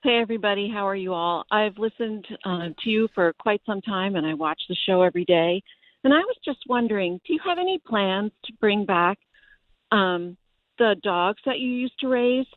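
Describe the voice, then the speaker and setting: A woman's voice: medium pitch, lively intonation, moderate pace, no room sound. Woman on a phone line. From Boston area. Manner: hesitant, polite, with fillers. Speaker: caller.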